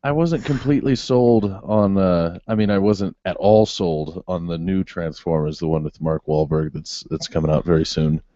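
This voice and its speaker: A man's voice: low-pitched, normal speed, few pauses, no room sound, highs cut off. A man co-hosting a podcast in casual chat, rambling and laughing often. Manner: giggly, rambling, animated. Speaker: podcast co-host.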